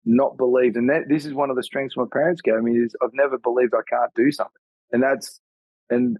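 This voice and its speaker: A laid-back Australian man chatting easily as a podcast guest, his tone mellow and unhurried in feel. His voice sits in a middle pitch and comes through slightly dull and lo-fi, with a close, dry sound and no room echo. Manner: mellow, laid-back, drops in "mate" often. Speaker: guest, former pro rugby player. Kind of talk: casual interview chat.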